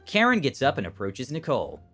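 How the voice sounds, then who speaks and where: A man narrating an online story with expressive delivery. His pitch swings very widely and his tone is bright and forceful, with faint music behind him. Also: brisk.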